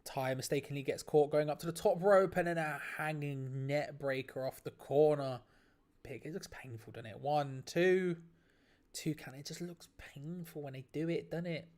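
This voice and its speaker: A man hosting a live stream, giving excitable play-by-play reactions to a match, laughing often and restarting his phrases. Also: fairly high pitch, moderate pace. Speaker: watch-along stream host.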